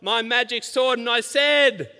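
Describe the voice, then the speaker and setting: A man putting on the voice of a heroic young male cartoon prince, loud and booming. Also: measured pace, full character voice. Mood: triumphant. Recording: long hall reverb.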